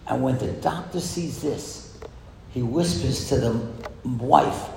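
A man giving a storytelling speech in a school hall, lively and asking the audience questions. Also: mid-range voice, unhurried, vocal fry, a little hiss or hum. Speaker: speaker addressing a school audience. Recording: echoey hall with long reverb.

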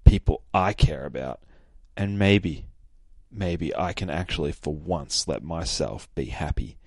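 Guy reading out a brooding young antihero's thoughts, low and quiet and slow, a dry close sound with no room in it. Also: vocal fry, husky, dry recording, full character voice. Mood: wistful.

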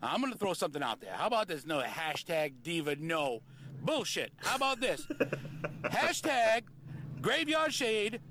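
A man's voice: fairly high pitch, big pitch swings, moderate pace, fairly bright tone, slight background noise. A man in rowdy group banter, swearing and hyped up.

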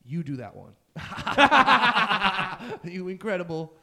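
A man co-hosting a casual, rowdy podcast, joking loudly and laughing often. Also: high-pitched, sing-song, drawn-out words, a crowd in the background. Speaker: podcast co-host.

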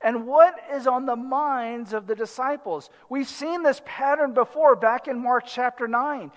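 The pastor's voice is very high-pitched and fairly bright, paced in a measured way, with a big-room sound around it. His sermon feels like a conversation, full of "right?" asides aimed at the congregation.

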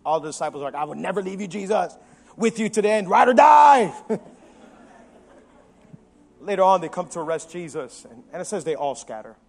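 A high-voiced male pastor preaches a sermon quickly and with animation. He swings between loud emphasis and quiet intensity, acting out the words of biblical figures in his own voice.

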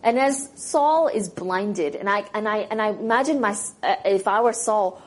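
A woman's voice: medium pitch, normal speed, low-quality recording. Conversational woman giving a sermon. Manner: conversational, asks the listeners questions. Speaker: Bible teacher. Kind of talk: sermon with Bible reading.

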